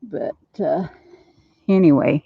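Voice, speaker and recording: Slow, gravelly older woman rambling at home. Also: sits low. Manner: rambling, laughs easily, slow and chatty. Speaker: vlogger. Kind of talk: casual chat. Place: at home, then out in the yard. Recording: dull lo-fi phone audio.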